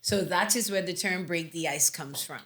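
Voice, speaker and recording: A woman's voice: on the low side, normal speed, fairly bright tone. Laughing woman co-hosting a podcast. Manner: reads word definitions aloud, laughs often. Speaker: podcast co-host. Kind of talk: casual podcast chat.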